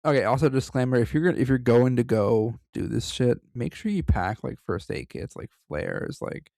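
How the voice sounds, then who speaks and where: A man with a gravelly, fry-tinged voice reads a story out on a podcast, stopping often for crude jokes and banter. His voice is close and dry, with no room sound at all. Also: medium pitch, animated, normal speed, darkish tone, dry recording. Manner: profane, joking asides between read passages. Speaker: podcast co-host reading a story. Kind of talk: casual story reading with banter.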